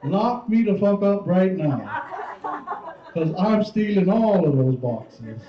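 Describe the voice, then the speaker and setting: On a comedy stage before a live audience, a man with a high, sing-song voice speaks slowly, rambling and swearing as he acts out other people's lines. The recording is distant, roomy and muffled, with the crowd audible.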